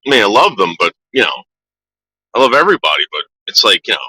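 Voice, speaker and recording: A man's voice: lowish voice, big pitch swings, fast, sharp tone, breathy edge, no echo, rough recording. A middle-aged man ranting casually to his viewers, swearing a lot and stumbling over repeated words. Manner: profane, stammering repeats. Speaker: vlogger. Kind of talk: casual rant.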